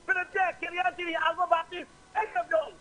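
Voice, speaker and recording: A Saint Lucian man calls in to a talk show. His voice sits unusually high, and he keeps hammering the same insults and phrases over and over in an angry political rant. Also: expressive, fast, bright, forceful tone, rough recording. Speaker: caller.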